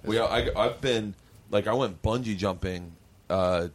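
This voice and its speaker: A man's voice: fairly low pitch, a little slow. A man hosting a podcast, telling a story in casual, profane chat and acting out the voices in it. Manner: animated, profane, acts out voices in his stories. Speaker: podcast host.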